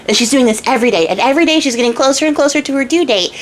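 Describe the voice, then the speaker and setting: A woman's voice: high voice, animated, racing, slight background noise. A young woman hosting a craft channel, retelling a fairy tale in a chatty, playful, slangy way.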